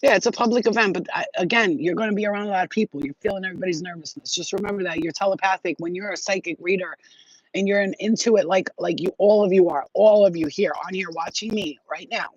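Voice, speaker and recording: At home, a psychic reader hosts a casual livestream, brash and profane and laughing often. Her medium-pitched voice is quick with a breathy edge, captured in dull lo-fi sound.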